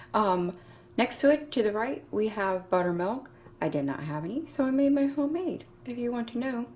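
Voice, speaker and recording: A woman's voice: mid-range voice, darkish tone, a little hiss or hum. A woman chatting casually to camera as a home baking vlogger, rambling and giggling often, folksy and self-deprecating with the odd mild curse, in a home kitchen.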